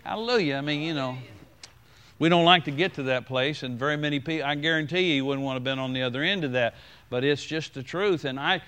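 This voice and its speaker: A man preaching a sermon as pastor, talking conversationally to his congregation, repeating key phrases and slowing down to quote scripture. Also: a little high, a bit bright, clean tone.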